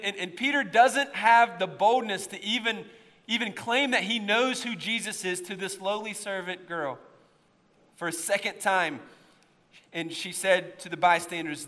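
A man preaching in a church with a faint East Tennessee lilt, his voice a touch high and bright. He builds to forceful, near-shouted stretches when he drives a point home, and his words carry a long reverb through the sanctuary. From United States. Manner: impassioned preaching, rising to near-shouts at emotional peaks. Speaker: pastor. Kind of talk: sermon.

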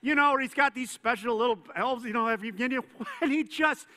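Bright high-voiced male pastor. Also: normal speed, a little hiss or hum. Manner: conversational, playful storytelling with asides. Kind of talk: sermon. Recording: long reverb in a church hall.

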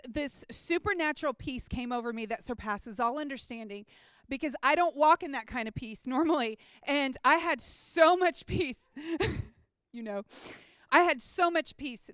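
Woman telling her faith testimony, high smooth voice, chatty, lots of "like", dry sound. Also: fairly bright tone, no room sound. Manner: casual and earnest, lots of "like" and restarts. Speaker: mission trip team member.

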